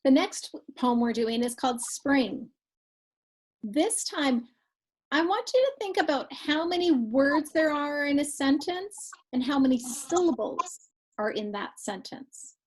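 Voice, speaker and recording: High-voiced, unhurried woman teacher. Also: lively intonation, low-quality recording. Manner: asks the children questions while counting. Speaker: grade two teacher. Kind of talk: online class lesson.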